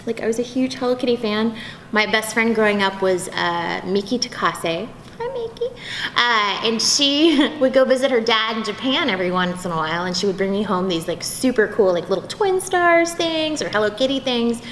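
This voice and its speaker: A woman voice actress telling stories in a convention interview, bubbly and animated, slipping into quick impressions. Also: a little high. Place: convention venue. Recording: echoey convention room, faint background noise.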